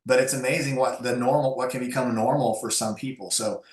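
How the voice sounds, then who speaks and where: A man speaking as an interview guest, telling personal stories in an animated, conversational way with frequent restarts. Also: mid-range voice, fairly quick. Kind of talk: conversational storytelling. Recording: echoey room.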